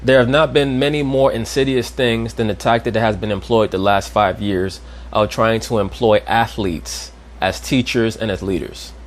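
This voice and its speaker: A man's voice: lowish voice, steady tone, normal speed, slight background noise. A man giving a lecturing commentary, didactic and checking in with his listeners. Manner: didactic, repeats "you understand?".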